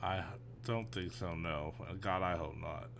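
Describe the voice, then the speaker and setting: A man's voice: deep voice, measured pace, gravelly, a bit bright, a little hiss or hum. A man with a Texan accent co-hosting a wrestling podcast, recapping the show in a laid-back, joking way. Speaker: podcast co-host. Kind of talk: casual wrestling recap chat.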